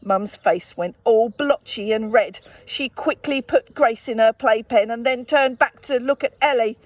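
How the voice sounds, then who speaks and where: A woman reading a children's picture book aloud, gently expressive and adding sympathetic asides. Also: fairly high pitch, a little slow, dry recording. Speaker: storyteller.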